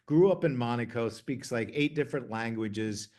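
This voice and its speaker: A middle-aged man from Ohio, a TV producer, telling stories in a casual, chatty way, full of fillers and restarts, getting lively when he quotes others. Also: mid-range voice, normal speed. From Ohio, USA. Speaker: TV producer interviewee. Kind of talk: casual anecdotal storytelling.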